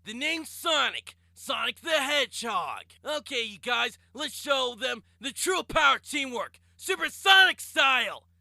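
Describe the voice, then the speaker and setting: A man imitating a cocky, heroic male video game hedgehog who rallies his team with brash shouts. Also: very high-pitched, big pitch swings, a little slow, creaky, few pauses, no echo, voice pushed up, exaggerated voice.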